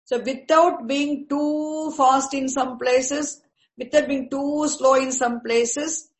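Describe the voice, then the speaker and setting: A woman teacher lectures on chanting in a slightly high voice. She speaks slowly and patiently, circling back to repeat and rephrase each term. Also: fairly even intonation, rough recording. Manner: patient, repeats and restarts while explaining terms.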